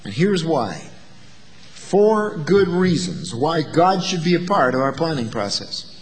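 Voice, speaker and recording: A man preaching a sermon, asking the listeners rhetorical questions and moving between loud, emphatic lines and quiet asides. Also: a little high, very animated, takes it slowly, long reverb tail.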